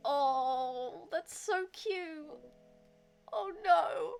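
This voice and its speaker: A woman streamer reacting out loud to a story game, emotional and casual. Her voice is fairly high. Game music plays faintly underneath. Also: takes it slowly, long pauses. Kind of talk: casual gaming commentary.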